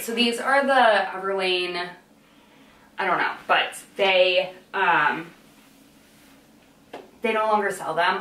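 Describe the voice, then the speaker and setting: A woman's voice: mid-range voice, fairly bright tone, recorded from a distance, slight background noise. A young woman chatting casually in a fashion vlog, rambling and going off on tangents. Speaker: fashion vlogger. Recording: echoey room, voice a bit off-mic.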